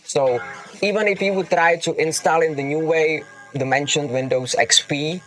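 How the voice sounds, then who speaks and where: A man's voice: on the high side, normal speed, fairly bright tone. Man with a foreign accent, chatty and emphatic. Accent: non-native English. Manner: emphatic, calls viewers darling, repeats "okay? got it?". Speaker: livestream host answering chat. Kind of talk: casual livestream Q&A. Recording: faint music under voice. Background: background music.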